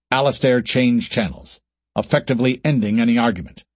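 Husky male audiobook narrator. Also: medium pitch, normal speed, darkish tone, dry recording. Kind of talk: scripted narration.

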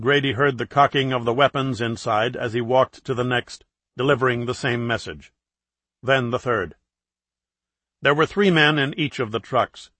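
A man with a mid-pitched voice narrates a thriller audiobook. His reading is steady and measured. The recording is dry, with no room sound. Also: husky, no echo.

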